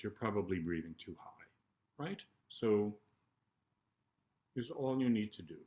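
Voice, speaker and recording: An older man, a choral conductor, calmly and patiently talking singers through a vocal warm-up and demonstrating the sounds. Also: fairly low pitch, measured pace, long pauses. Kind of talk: spoken vocal instruction between sung exercises.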